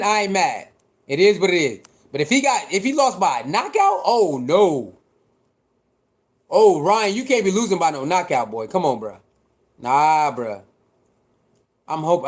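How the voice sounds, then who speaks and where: Male livestream host, higher voice, casual slangy rambling talk. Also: animated, normal speed. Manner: chatty, repetitive, reacting to boxing news with slang.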